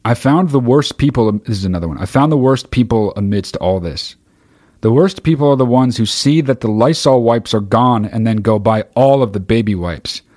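A man ranting on a livestream, heated and swearing constantly, with sudden bursts of shouting as he reads through chat. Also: mid-range voice, dry recording, studio quality. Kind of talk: profane livestream rant.

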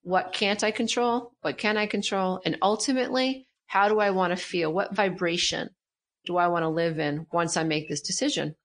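A woman's voice: fairly low pitch, steady tone, normal speed. A middle-aged woman, a guest coach in an interview, talking emphatically and repeating her key phrases with animation. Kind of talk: interview conversation.

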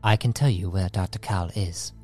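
A man voicing a dark metallic humanoid machine being in a tabletop game, speaking in a measured, knowing way. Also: low-pitched, soft background music, close to an everyday voice. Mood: calm.

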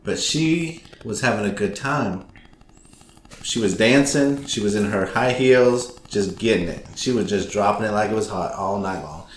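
A man co-hosting a podcast, joking and teasing in casual, bawdy chat. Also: fairly low pitch. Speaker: podcast co-host. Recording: roomy echo with faint noise.

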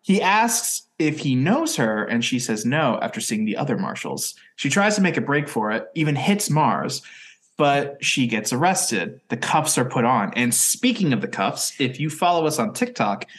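A man's voice: medium pitch, very animated. Joking man recapping a TV episode. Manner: joking, recounts scenes with quick asides. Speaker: podcast co-host. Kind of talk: casual chat recapping a TV episode.

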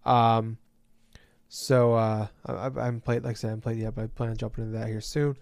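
A man co-hosting a casual gaming podcast, telling a profane, ranting story about a game. He mutters low one moment and shouts the next. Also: flat delivery, quick pace, vocal fry, no echo, clean studio sound. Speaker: podcast co-host. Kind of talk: casual chat.

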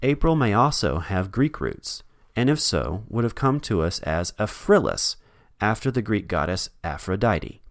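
Lively low-voiced man narrating history. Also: measured pace, gravelly, no room sound, studio quality. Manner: wry, joking asides. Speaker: podcast host.

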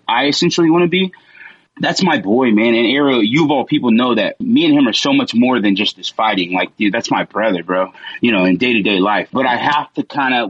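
A man's voice: medium pitch, a bit bright, slightly rough, no room sound, muffled recording. A man speaking in a casual interview clip, full of "bro" and "like". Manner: casual, says bro and like a lot.

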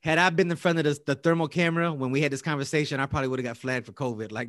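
A man of Latin American heritage telling a story in casual chat, animated and profane, often repeating and restarting words. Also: fairly high pitch, rapid-fire, few pauses, dry recording.

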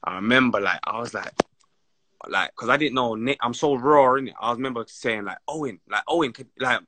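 A man's voice: medium pitch, fairly quick, no echo. A man with a London accent telling football stories in casual, slang-heavy, rambling chat as an interview guest. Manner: slang-heavy, rambling and animated, many restarts.

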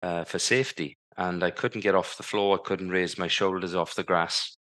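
Low-pitched and flat, at a normal speed with a fairly bright edge, this fifties-aged man guests on a podcast. The former Paralympic cycling champion brings his story to life by performing the remembered dialogue of others.

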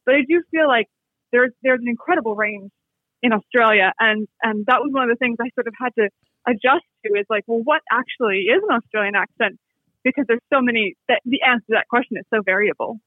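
A man's voice: very high-pitched, quick pace, dry recording. A Canadian man, an author, speaking thoughtfully in an interview and often restarting his sentences. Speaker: author and guest. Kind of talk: reflective interview talk. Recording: tinny phone-like line.

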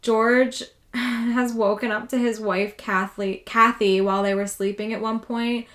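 A woman's voice: fairly high pitch, level tone, unhurried, a bit bright. Woman podcast host, casual storyteller, chatty with swearing. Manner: casual, swears freely, lots of "like". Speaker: podcast co-host telling a true haunting story.

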